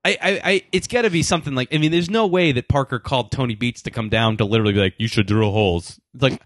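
A man's voice: mid-range voice, rapid-fire, no echo, studio quality. A man co-hosting a casual podcast chat, laughing often and acting out what others said. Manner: animated, laughs often, acts out quotes. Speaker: podcast co-host.

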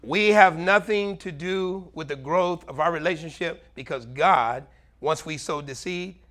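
A middle-aged pastor preaches a sermon in an animated way, swinging between loud highs and quiet, low murmurs. His pace is a little slow.

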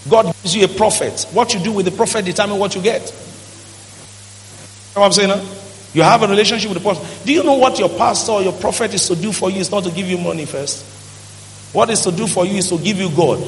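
A man's voice: high-pitched, a little hiss or hum. A male pastor, preaching emphatically and acting out quoted voices in a church hall. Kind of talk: sermon.

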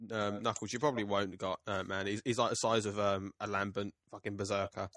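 A young man cohosting a casual podcast chat, rambling and halting, with casual swearing. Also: fairly low pitch, fairly bright tone. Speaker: podcast co-host.

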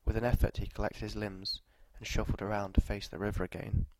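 A man narrating a scripted story in a measured, even delivery, with walking directions at the end. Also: fairly low pitch, slight background noise, rough recording.

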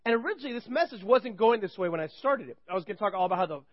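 A man's voice: high voice, lively intonation, racing, lo-fi sound. A man giving a casual, rambling sermon to college students at a live campus gathering, chatty and full of joking asides. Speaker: campus ministry preacher.

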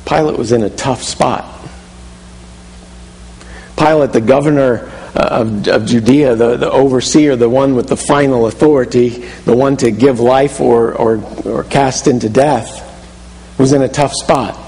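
A man delivering a sermon at a middle pitch, drawing his listeners into the scene with "you" and stumbling through restarts as he builds it up. His voice carries a long reverb, as if from a large hall. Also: steady tone, unhurried, darkish tone. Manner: vivid second-person storytelling, frequent restarts. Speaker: pastor.

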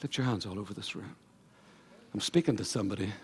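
A man's voice: lowish voice, quick pace, a little mellow, husky. A man preaching a sermon as pastor at a church service, emphatic and full of repeated phrases. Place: church service before a congregation.

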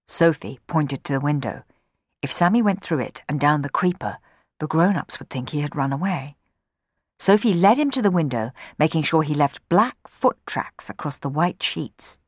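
A woman reading a children's storybook aloud in an expressive way, changing her voice for the characters. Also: sits low, moderate pace, dry recording, studio quality.

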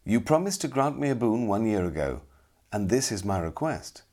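A man's voice: lowish voice, sing-song, normal speed, a little mellow. A man voicing a humble, earnest young man in a storybook, speaking politely. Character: humble earnest young male kitchen boy.

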